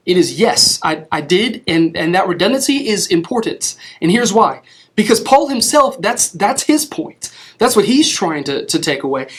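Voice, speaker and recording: A young male youth preacher with a high-pitched voice talks through a casual sermon. He restarts his sentences often and keeps tossing "right?" out to his listeners. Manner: conversational, many restarts, asks "right?".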